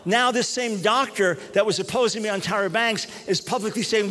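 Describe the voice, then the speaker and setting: A man, a Christian radio host, telling a story in an animated public talk, often restarting his phrases. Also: high-pitched, a little fast, big-room sound.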